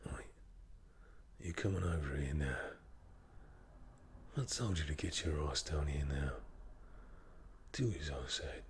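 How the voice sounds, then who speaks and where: Threatening Cockney tough guy in whispered role-play, deep and gruff, played by a man. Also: slow, long pauses, a little hiss or hum, exaggerated voice. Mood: menacing. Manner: threatening and blunt. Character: tough Cockney London hard man, menacing.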